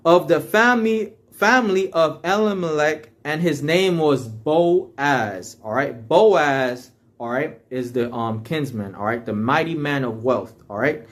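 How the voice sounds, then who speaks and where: A man leading a casual Bible study. He reads verses aloud in a raised voice, then explains them in relaxed slang and often checks in with "all right?". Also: fairly high pitch, unhurried, few pauses. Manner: checks in with listeners with frequent "all right?" tags. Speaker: Bible teacher.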